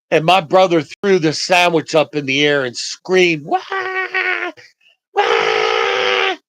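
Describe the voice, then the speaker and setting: An older man slowly recounting personal memories, halting and reflective, with frequent pauses. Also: a little high, fairly bright tone, dry recording, low-quality recording. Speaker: storyteller. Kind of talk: personal storytelling.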